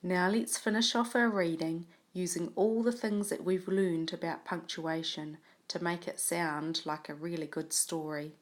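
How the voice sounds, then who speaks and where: Woman teacher, slow and patient, slightly low voice, clear instructive read-aloud. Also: fairly even intonation. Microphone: tablet microphone.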